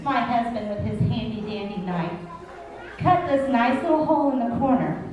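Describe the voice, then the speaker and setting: A woman's voice: fairly high pitch, moderate pace, muffled recording. A woman telling a funny story at church story time, acting out her own reactions with gasps and laughs. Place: church hall. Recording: echoey hall from far off, room noise.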